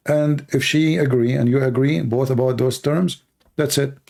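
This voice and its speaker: A man hosting a debate livestream in non-native English, hoarse and coughing as he argues through rhetorical questions. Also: medium pitch, steady tone, normal speed, darkish tone. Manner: argumentative, fires rhetorical questions. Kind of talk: live stream Q&A monologue.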